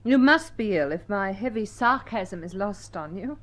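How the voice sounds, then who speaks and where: An actress playing a sharp-tongued, fed-up wife in a vintage radio drama, sarcastic and cutting. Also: female voice, medium pitch, lively intonation, moderate pace, close to an everyday voice.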